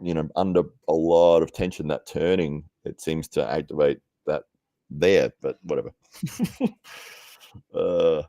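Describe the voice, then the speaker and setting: A man's voice: a bass voice, steady tone, unhurried, vocal fry, warm tone, dry recording, dull audio. A young man hosting a casual livestream, chatting and reading out viewer comments with frequent laughter and self-deprecating humour. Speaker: livestream host. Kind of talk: casual live-stream chat reading comments.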